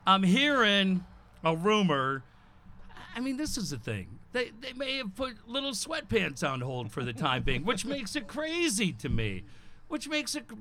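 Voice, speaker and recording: A man's voice: high-pitched, pushed and bright. A man co-hosting a live talk show, telling stories animatedly with laughter and swearing. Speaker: radio show co-host. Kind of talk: casual chat. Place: live show at a venue with a crowd.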